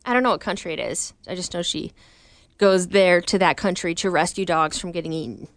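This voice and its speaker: A woman co-hosting a podcast, chatting casually in an animated, rambling and blunt way with some swearing. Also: on the low side, fairly quick, dry recording. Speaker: podcast co-host. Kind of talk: casual chat.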